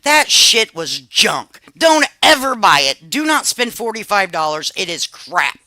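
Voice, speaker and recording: Bright-voiced woman chatting loosely on stream. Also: mid-range voice, unhurried, dry recording. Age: 50s. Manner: animated, swears freely, confides to chat. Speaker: live stream host. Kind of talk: casual live-stream chat.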